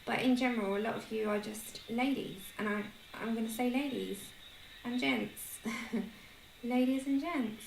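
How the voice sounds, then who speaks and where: London woman hosting a colouring livestream, chatty and self-deprecating, bright voice, echoey room. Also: on the high side. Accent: London English. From London, England. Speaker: livestream host. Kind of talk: casual chat while colouring. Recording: echoey room with faint noise.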